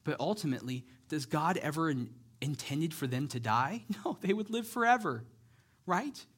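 Casting: male preacher, slightly high voice, animated storyteller who keeps asking "right?". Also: moderate pace, slightly rough. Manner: animated storyteller, acts out characters' lines; conversational, checks in with "right?". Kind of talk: sermon, Bible storytelling.

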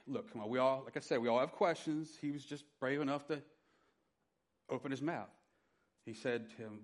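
A middle-aged man preaching a sermon, telling his personal testimony with dynamic swings from loud emphasis to quiet. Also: medium pitch, brisk. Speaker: pastor.

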